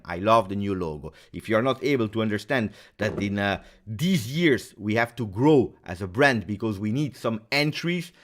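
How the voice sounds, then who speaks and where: With a voice on the low side and a bit bright, this football channel host runs a casual pregame talk. Angry and emphatic, he hammers points home by saying phrases again.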